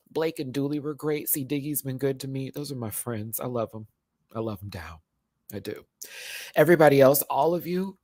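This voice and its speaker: A man's voice: mid-range voice, darkish tone, no room sound. Emotional young man on a dry mic. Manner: heartfelt, rambling, repeats and restarts words. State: emotional, near tears. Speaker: YouTuber host. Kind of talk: emotional livestream talk to viewers.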